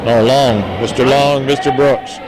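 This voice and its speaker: A man doing folksy, joking play-by-play of a local high school basketball game. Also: a little slow. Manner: folksy, jokey, stumbles over player names. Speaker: play-by-play announcer. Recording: noisy gym broadcast audio. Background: gym ambience and bouncing basketballs.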